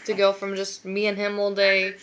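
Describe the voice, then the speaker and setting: A woman's voice: mid-range voice, monotone, moderate pace, fairly bright tone, dull audio. A young woman chatting casually to her camera as a vlogger, answering viewer questions in a rambling way with many fillers. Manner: rambling, many ums and likes. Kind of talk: casual chat.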